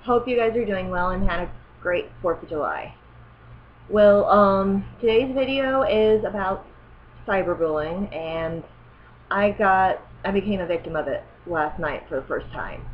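A woman's voice: mid-range voice, a little slow, lo-fi sound, a little hiss or hum. A woman in her thirties telling a personal story as a vlogger, rambling, correcting herself and growing indignant. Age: 30s.

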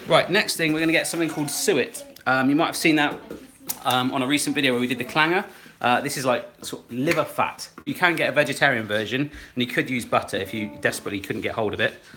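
A man's voice: medium pitch, fast talker, sharp tone. A man in his thirties hosting a casual live cooking demo in his home kitchen, chatting away and reading viewer comments aloud as he cooks. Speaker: cooking live-stream host.

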